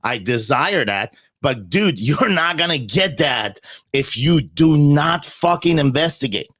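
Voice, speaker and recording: A man's voice: a little high, lively intonation, unhurried, a bit bright, no room sound. A man in a casual podcast conversation, talking bluntly and emphatically, often repeating words as he starts a point and swearing freely.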